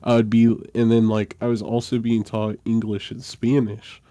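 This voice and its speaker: Dark-voiced man telling a story. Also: on the low side, moderate pace, dry recording. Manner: animated, self-deprecating, laughs often. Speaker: podcast host. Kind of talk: casual storytelling chat.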